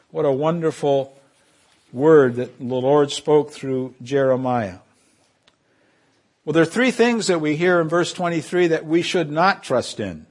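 A man preaching a sermon to a congregation in a somewhat high voice. He swells loud on key phrases, then drops to quiet asides. He leads the crowd in call and response. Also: animated, moderate pace. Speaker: pastor.

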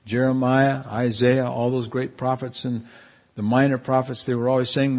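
A man delivers a sermon as pastor at normal speed, fervent and full of emotion. His voice climbs high when the feeling intensifies.

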